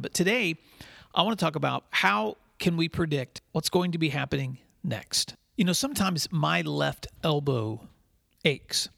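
Male podcast host: earnest, measured storyteller, husky and dry. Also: a little high, a bit bright, dry recording. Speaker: podcast host and school leadership speaker. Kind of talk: scripted podcast monologue with storytelling.

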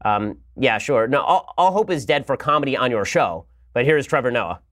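Hosting a political commentary show, a man delivers a combative monologue in a sarcastic, mocking manner. His medium-pitched voice is a bit bright, with lively intonation and a moderate pace. The sound is clean studio quality with no room sound.

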